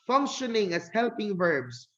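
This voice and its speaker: A man's voice: high voice, very animated, measured pace, pushed and bright, dull audio. A man teaching an English grammar lesson, blunt and lecturing, who corrects himself mid-sentence and acts out students' questions.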